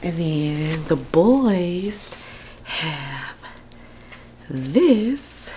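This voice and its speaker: A woman in her thirties talking to camera in a casual vlog, earnest when she reflects and excited, half whispering, when she shows things. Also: on the low side, slow pace, vocal fry, a little hiss or hum, rough recording. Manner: earnest, faith-filled reflection; excited, partly whispering show-and-tell. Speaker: vlogger.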